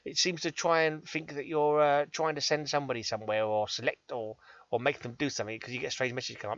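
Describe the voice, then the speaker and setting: A chatty English man with a bright, forceful voice gives rambling commentary on his own gameplay, cheeky and self-deprecating. The sound is close and dry, a little dull and lo-fi. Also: medium pitch, little pitch movement, fast talker, dry recording. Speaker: gaming channel host.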